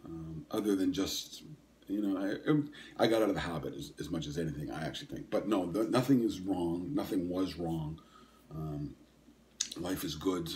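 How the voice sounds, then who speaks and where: A man's voice: deep voice, normal speed, darkish tone, a little hiss or hum. A man in his sixties hosting a podcast, chatting casually in a rambling, hesitant way with lots of ums and self-corrections. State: coughing and sniffling. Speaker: podcast host. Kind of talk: casual solo podcast chat.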